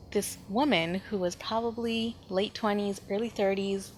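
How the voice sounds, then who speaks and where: A podcast host tells a personal story, her mid-range voice animated and emphatic, full of sighs and fillers. There's a little hiss or hum on the recording.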